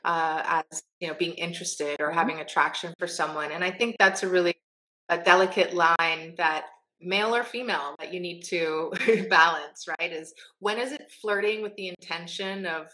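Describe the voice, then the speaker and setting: A woman's voice: fairly low pitch, normal speed, pushed and bright, rough recording. A woman hosting a casual interview over a livestream video call, speaking thoughtfully and laughing easily. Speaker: host, therapist. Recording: choppy livestream audio.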